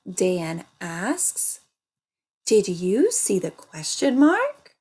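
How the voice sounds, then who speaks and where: A woman teaching an early reading lesson, speaking slowly and sounding out words for young children. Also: medium pitch, huge pitch swings, darkish tone, breathy edge.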